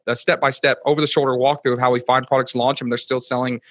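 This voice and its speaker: A man in his thirties, a podcast guest telling stories in casual chat, excitable and rambling with lots of fillers. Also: medium pitch, fast, dry recording.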